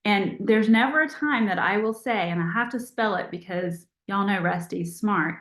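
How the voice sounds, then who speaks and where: A woman leading a motivational team call over a video call in a chatty, encouraging, animated way. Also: medium pitch, moderate pace, echoey room. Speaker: team leader hosting a call.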